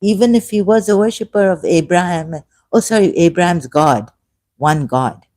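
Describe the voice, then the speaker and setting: Man, impassioned commentary, mellow dark tone, dry close sound, loud then quiet. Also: high voice, moderate pace, dry recording. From Shia Muslim background. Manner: impassioned, swinging between loud outbursts and quiet asides. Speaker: ex-Muslim commentator. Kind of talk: emotional solo commentary.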